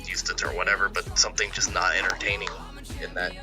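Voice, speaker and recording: A man's voice: low-pitched, flat delivery, fast talker, music in the background, poor audio. A man co-hosting a casual wrestling podcast, speaking hesitantly with lots of fillers. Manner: hesitant, filler-heavy, laughs often. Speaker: podcast co-host.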